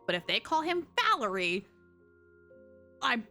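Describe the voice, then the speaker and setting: A young woman comments on a video game during a live stream, in a bright, high voice. She is excitable and ranting, laughing and shrieking. Faint game music plays behind her. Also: unhurried.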